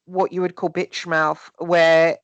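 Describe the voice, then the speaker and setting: A woman talking candidly in a casual conversation, animated and often acting out remarks in quoted voices. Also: on the low side, slow, no echo, highs cut off.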